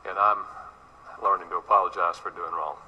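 A man's voice: sits low, fairly even intonation, brisk, dull audio. A middle-aged man preaching a sermon. He tells a personal story and speaks directly to the congregation. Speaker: pastor.

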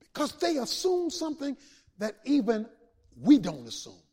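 A man a sermon to his congregation, building from steady talk to shouted peaks and back down. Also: very high voice, breathy edge. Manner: preaching with swells to shouts and dramatic pauses. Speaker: pastor.

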